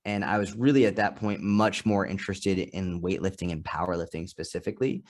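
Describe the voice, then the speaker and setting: A man's voice: sits low, brisk. A man in his thirties in a casual interview, telling stories with lots of restarts and acting out the voices he quotes. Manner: animated storytelling, acts out quoted voices, frequent restarts. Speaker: podcast guest, strength and nutrition coach.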